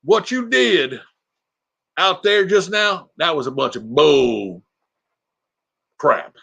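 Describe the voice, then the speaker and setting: A man putting on a high, loud voice for a chummy police sergeant who scolds with a drawl. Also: very animated, slow pace, creaky, husky, exaggerated voice. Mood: scolding. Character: loud laid-back male police sergeant, older.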